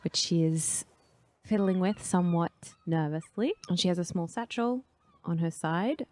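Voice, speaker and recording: A woman's voice: lowish voice, moderate pace, darkish tone. A woman playing a timid young bird-folk novice nun in a tabletop game, speaking hesitantly in her own voice. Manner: hesitant, nervous-sounding character voice. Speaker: player. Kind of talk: tabletop role-play, in character.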